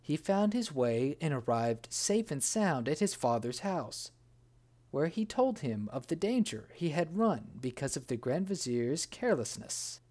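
A narrator reading a storybook in a slow, measured way. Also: medium pitch, sing-song, darkish tone.

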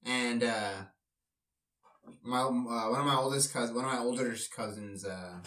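A man's voice: medium pitch, normal speed, bright, forceful tone, distant mic. Rambling swearing man, off-mic in an echoey room. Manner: rambling storyteller, heavy swearing, many fillers. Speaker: podcast co-host. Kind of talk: casual podcast chat.

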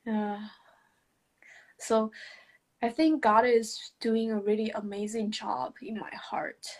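A woman sharing a personal story in conversation, speaking hesitantly with many restarts, soft laughs and non-native English grammar. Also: fairly high pitch, little pitch movement, slow pace.

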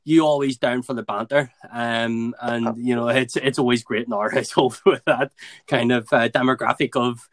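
A man's voice: mid-range voice, steady tone, moderate pace, no echo. A man chatting casually as a podcast guest, easygoing, with frequent laughs and fillers. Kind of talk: casual chat.

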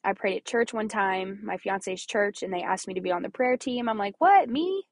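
A woman's voice: medium pitch, fairly even intonation, fairly quick, dry recording. Give me an earnest, chatty young woman from Missouri talking about faith, in a dry, close recording. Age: young adult. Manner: earnest, chatty, laughs often, repeats phrases. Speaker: podcast host. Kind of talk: personal faith talk.

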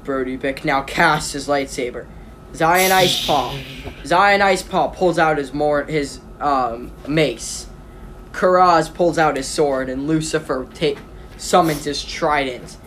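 A game master narrating a tabletop game in a rambling way, with many pauses and restarts. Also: mid-range voice, a bit bright, a little hiss or hum.

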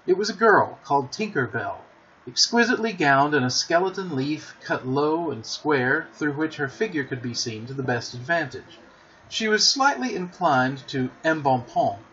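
A man narrating a storybook aloud with expressive, dramatic storytelling, on a muffled lo-fi recording. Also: a little high, moderate pace, breathy edge.

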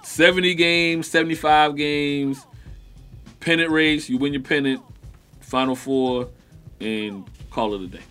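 Bright-voiced, animated sports-chat man. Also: fairly high pitch, a little slow, clean tone, soft background music. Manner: animated, repeats himself, laughs often. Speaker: sports talk co-host.

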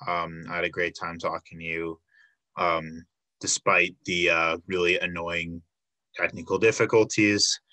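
Bright-voiced man hosting an interview. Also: low-pitched, flat delivery, a little slow. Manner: friendly, filler-heavy questions. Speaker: podcast host.

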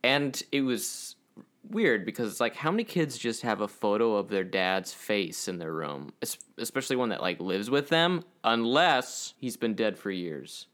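A man's voice: lowish voice, very animated, normal speed, a bit bright. A man co-hosting a podcast, chatting casually and rambling into jokey asides. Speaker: podcast co-host. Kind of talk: casual chat.

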